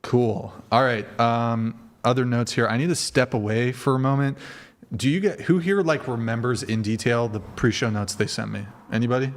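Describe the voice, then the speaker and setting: A man hosting a dating talk panel, teasing guests and prodding them with quick questions. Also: medium pitch. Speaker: host. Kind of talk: casual hosting.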